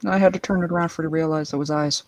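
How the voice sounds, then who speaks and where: A woman's voice: deep voice, fairly even intonation, rapid-fire, darkish tone, no echo. A woman hosting a livestream, chatting easygoingly with guests on a video call and laughing often. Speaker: stream host. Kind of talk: casual group chat on a livestream.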